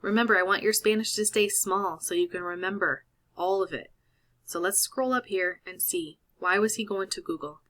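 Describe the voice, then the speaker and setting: A woman's voice: mid-range voice, moderate pace, fairly bright tone. A woman teacher patiently walking students through each step of a recorded screen-share lesson.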